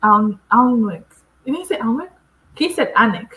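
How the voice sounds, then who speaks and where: A woman with a high, bright, lively voice reacts to a video with teasing jokes and laughter. The room around her sounds echoey. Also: moderate pace. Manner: teasing, playful, often laughing. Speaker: reaction channel co-host. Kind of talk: casual reaction chat.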